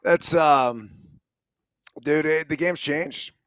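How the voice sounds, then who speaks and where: Man, 40s, co-host, sharp bright voice, punchy swearing delivery. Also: fairly high pitch, slow, clean tone. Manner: emphatic, swears freely. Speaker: co-host, former baseball player. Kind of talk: casual chat.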